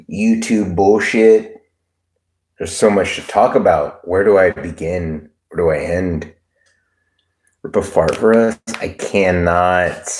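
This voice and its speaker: A male streamer with a low, deep voice, chatting at an unhurried pace. He rambles, jokes crudely and greets viewers from chat in a loose, casual way. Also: a little mellow. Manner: rambling, joking, crude, reads chat aloud. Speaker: livestream host.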